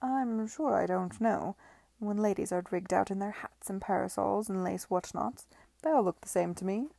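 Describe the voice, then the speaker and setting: A woman reading aloud, voicing a languid young gentleman who is wry and drawling. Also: medium pitch, moderate pace, creaky, no echo, natural voice.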